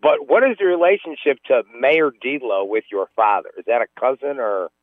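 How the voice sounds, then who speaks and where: A man's voice: medium pitch, fairly quick, no room sound. Man calling in over a tinny phone line. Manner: joking, needling, storytelling. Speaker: radio caller. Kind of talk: casual radio banter. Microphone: telephone.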